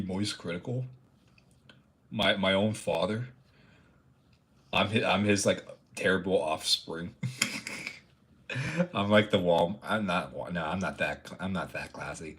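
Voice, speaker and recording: A man's voice: deep voice, unhurried, pauses often, fairly bright tone. A young man chatting casually on a livestream. He rambles, stammers through restarts and laughs often. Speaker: streamer.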